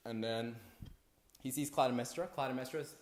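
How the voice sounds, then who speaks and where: A man's voice: mid-range voice, fairly quick, echoey room. Tipsy young man rambling through a story. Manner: rambling, slangy, loud asides. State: drunk. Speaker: comic storyteller. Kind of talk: casual comic retelling of a play.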